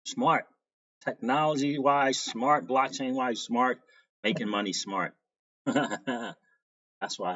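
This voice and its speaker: Man, casual livestream host, easygoing shout-outs to chat, mid pitch, dull lo-fi sound. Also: fairly even intonation, slow, long pauses. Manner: reads out viewer names and greets them, laughs often.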